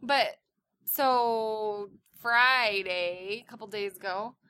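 A woman and mother chatting casually as co-host, telling animated stories loudly. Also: mid-range voice, slow pace, clear, resonant tone. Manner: loud, animated storyteller. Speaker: parent and co-host. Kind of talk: casual chat.

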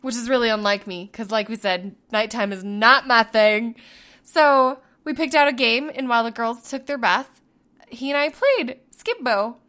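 A woman in her thirties co-hosting a podcast, telling family stories in a casual, animated way, laughing and acting out quotes. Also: on the high side, moderate pace. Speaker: podcast co-host. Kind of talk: casual storytelling chat.

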